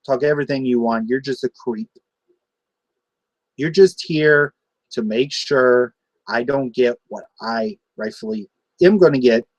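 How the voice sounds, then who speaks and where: A man's voice: medium pitch, a little slow, pauses often, dry recording, highs cut off. A man hosting a wrestling show, cutting a taunting, sarcastic trash-talk promo.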